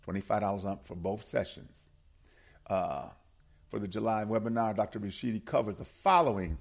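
A man with a low voice hosts a stretch of community announcements. His sound is gravelly and husky. He talks loosely and conversationally, restarting phrases and repeating the key details twice. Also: moderate pace. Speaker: community radio host. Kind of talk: casual announcements. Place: Atlanta area.

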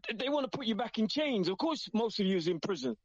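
An impassioned male caller on a radio talk show, his voice pitched high for a man. He speaks with a preacher's emotional drive. The line is muffled and dry. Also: animated, fast, no room sound. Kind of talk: call-in radio discussion. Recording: dull phone line.

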